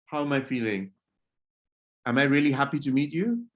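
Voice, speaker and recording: A man leading an online public speaking workshop for children over a video call, acting out greetings to show different moods and gently scolding kids who disrupt. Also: medium pitch, very animated, moderate pace. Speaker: workshop presenter.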